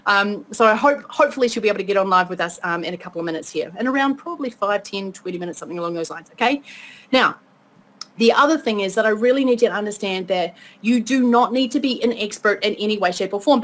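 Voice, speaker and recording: A woman teaching an online course webinar, upbeat and chatty, often checking in with her listeners. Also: fairly high pitch. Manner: upbeat, chatty, keeps asking okay. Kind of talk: motivational webinar talk.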